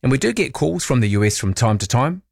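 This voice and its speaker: A man's voice: mid-range voice, sing-song, creaky, darkish tone, no room sound, studio quality. A man with a New Zealand accent hosting a call-in radio show, chatting wryly about his callers. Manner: chatty, wry, quick to comment on callers. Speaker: talk radio host. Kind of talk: late-night call-in radio chat. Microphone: studio microphone.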